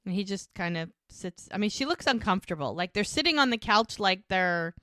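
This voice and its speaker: A woman's voice: medium pitch, fairly quick, no room sound, studio quality. A woman co-hosting a podcast, casually recapping a TV episode scene by scene, with many "like"s. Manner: lively retelling of scenes with many "like"s. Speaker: podcast co-host.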